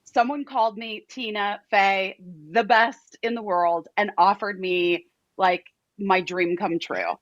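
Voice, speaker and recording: An actress talking as a guest on a chat show, emotional and excitable. The recording is dry and a little dull, with the top end muted. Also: female voice, medium pitch, slow, dry recording. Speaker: guest actor. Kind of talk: casual interview chat.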